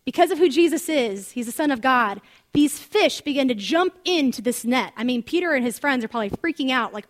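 A woman teaching from the Bible in an animated, conversational sermon full of asides. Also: high voice, fairly quick. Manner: animated, chatty storytelling with asides.

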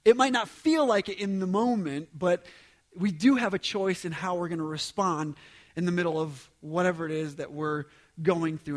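A man giving a sermon as pastor, in an emphatic, conversational preaching manner with quieter asides. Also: high voice, moderate pace.

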